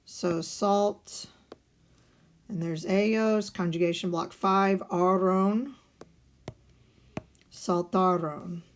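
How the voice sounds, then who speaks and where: Slow, patient woman teaching a lesson. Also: lowish voice, fairly even intonation. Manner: step-by-step explaining, asks and answers her own questions. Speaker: Spanish teacher. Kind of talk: recorded video lesson walking through guided notes.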